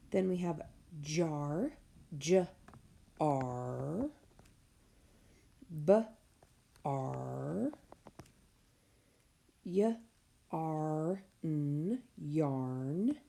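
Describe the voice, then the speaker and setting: Slow, gravelly-voiced woman teaching phonics. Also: lowish voice, dark tone. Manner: slow, sounding out letters and sounds. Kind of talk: recorded phonics lesson for children. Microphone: tablet microphone.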